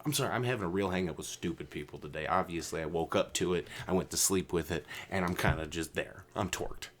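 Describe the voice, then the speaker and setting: A man hosting a casual podcast, ranting with lots of swearing, jumping between loud outbursts and low mutters. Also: fast talker. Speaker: podcast host.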